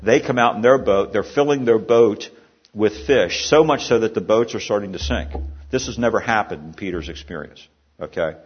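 A deep-voiced man delivers a sermon in a husky tone. He speaks conversationally, posing questions and circling back on his phrases. The church recording sounds dull and lo-fi. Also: moderate pace. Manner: conversational preaching with rhetorical questions and restarts. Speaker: pastor.

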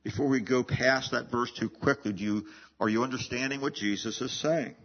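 Husky-voiced man preaching verse by verse. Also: mid-range voice, fairly quick. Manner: conversational teaching with frequent restarts and repeated words. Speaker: pastor. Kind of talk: expository sermon. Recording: muffled lo-fi sermon recording.

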